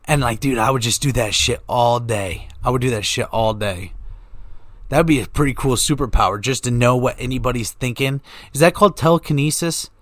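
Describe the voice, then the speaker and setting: A man's voice: medium pitch, fairly quick, a bit bright, dry recording. A man, hosting a podcast in a joking, profane monologue that keeps going off on tangents. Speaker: podcast host. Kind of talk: rambling comedic monologue.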